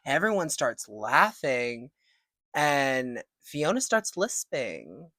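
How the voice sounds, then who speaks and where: A young woman casually recapping a movie, animated and profane, often laughing. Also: a bass voice, slow, dry recording. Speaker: movie reviewer.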